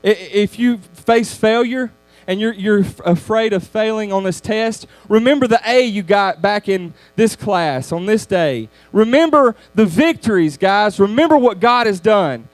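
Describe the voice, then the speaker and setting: A man delivers a youth sermon in a high-pitched voice, casual and animated as he tells his stories. The sound is dry and close, with no room echo. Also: measured pace, soft background music. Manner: conversational, animated storytelling with laughs. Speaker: youth speaker.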